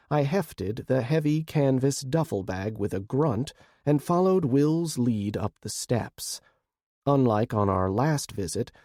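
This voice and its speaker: Male narrator, mellow dark tone, dry booth, steady first-person audiobook read. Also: mid-range voice, no room sound.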